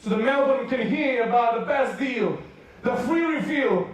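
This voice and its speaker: A male youth preacher from the United Kingdom, with a high voice and a measured pace, tells stories in a sermon at a school rally in a large hall. He is animated, acts out voices and laughs often. The recording is echoey, with the mic placed at a distance.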